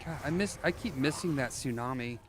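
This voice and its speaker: Man, game streamer, casual rambling chat, lots of fillers, playful sing-song bits, mid-pitched voice, faint background noise. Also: brisk. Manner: rambling, with many "like" and "you know" fillers. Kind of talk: casual live gameplay chat.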